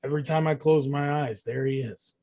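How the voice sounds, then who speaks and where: A man's voice: a little high, a little fast, warm tone, no room sound, natural voice. Man playing haunted cursed adventurer, stammering, pleading, tabletop game character. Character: haunted, sleepless young man cursed by a demon.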